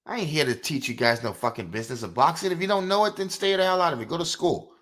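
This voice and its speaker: A middle-aged man hosting a live boxing podcast, ranting with fiery, profane outbursts that drop into low mutters. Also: lively intonation, quick pace, fairly bright tone. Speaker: podcast host. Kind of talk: live-stream boxing rant.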